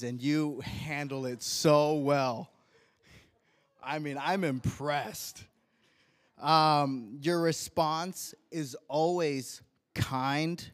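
A young man stands before a church congregation and reads a tribute from his notes. His voice sits a bit high and he takes it slowly, with heartfelt, earnest thanks. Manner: heartfelt, earnest, slow and deliberate. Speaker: church member giving a tribute to his wife. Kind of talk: read tribute speech in church.

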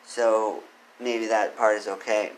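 A man's voice: lowish voice, level tone, slow pace, a little hiss or hum, rough recording. A man reading out legal code and giving his opinions, often putting questions to the listener. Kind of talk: solo commentary with read-out legal text.

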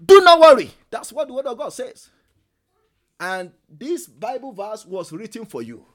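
A man leading a prayer meeting sermon, emphatic and repetitive, swinging between soft and loud, at times speaking in tongues. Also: high-pitched, big pitch swings, a little slow. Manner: speaks in tongues while praying. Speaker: prayer leader.

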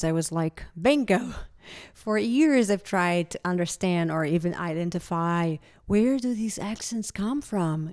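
Curious woman host, warm mellow voice. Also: fairly low pitch. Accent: non-native English. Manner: curious, enthusiastic questioning. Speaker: interviewer, host. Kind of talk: interview conversation.

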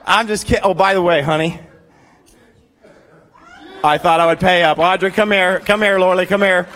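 A high-pitched man in his forties delivers a sermon from the pulpit. He talks in a lively, joking way, often restarting his sentences as he tells stories about himself. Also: moderate pace. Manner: animated, joking storytelling with frequent restarts. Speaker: pastor.

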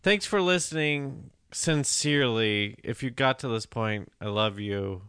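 A man's voice: medium pitch, a little slow, fairly bright tone, smooth, no echo, studio quality. A man in his forties hosting a podcast, joking and rambling in casual chat. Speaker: podcast host.

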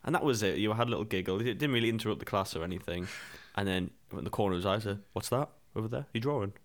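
A young man from England with a fairly low voice in a casual chat. He stammers and restarts often and giggles as he tells his story. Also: rapid-fire.

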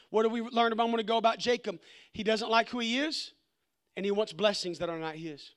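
A man's voice: high voice, a little fast, pauses often, a bit bright. A man preaching a sermon, impassioned, who repeats words and acts out the lines of the story.

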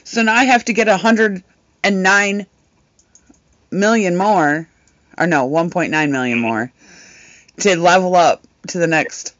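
A woman co-hosting a casual chat, telling stories in an animated way, swearing freely and laughing often. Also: fairly low pitch, a little slow, long pauses, dry recording, muffled recording. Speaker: podcast co-host and live streamer.

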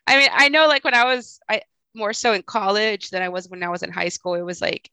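A woman's voice: mid-range voice, fairly even intonation, a little fast, hardly any pauses, bright, forceful tone, clear, resonant tone, dry recording. A woman co-hosting a casual podcast, joking and rambling and laughing often. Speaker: podcast co-host. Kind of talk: casual chat.

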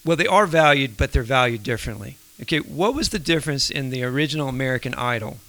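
A man's voice: medium pitch, expressive, fast, a bit bright, rough recording. A man co-hosting a casual faith discussion, thinking aloud and explaining his points with everyday examples. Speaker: podcast co-host.

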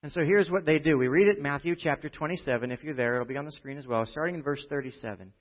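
A man preaching a sermon in a church service, his voice sitting a bit high for a man. He talks to the congregation in a loose, conversational way, tossing in "right?" and swinging from emphatic, louder lines to near-murmured asides. The recording sounds dull and muffled, like lo-fi audio. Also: fast. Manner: conversational, with frequent rhetorical "right?". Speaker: pastor.

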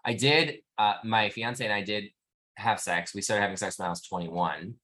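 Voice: sits low, normal speed, pushed and bright. A podcast guest speaking candidly and passionately, swearing as the argument heats up. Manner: passionate, outspoken, swears when worked up.

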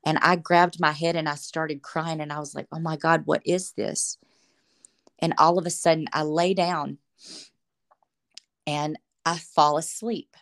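A woman's voice: low voice, level tone, unhurried, a bit bright. A woman as a podcast guest, telling her faith testimony in earnest, emotional storytelling. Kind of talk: personal faith testimony in conversation.

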